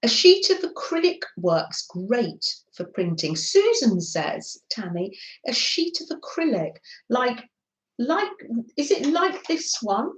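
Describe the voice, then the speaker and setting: A woman's voice: fairly high pitch, big pitch swings, takes it slowly. A middle-aged woman hosting a craft live stream, chatting casually and reading out viewers' comments. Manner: chatty, warm greetings to viewers. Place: indoors at a craft desk. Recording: echoey room.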